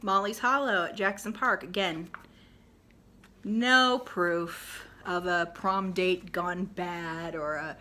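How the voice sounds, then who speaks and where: A woman's voice: fairly low pitch, slow, bright, forceful tone. A woman paranormal investigator talking straight to camera in a blunt, exasperated, lecturing rant.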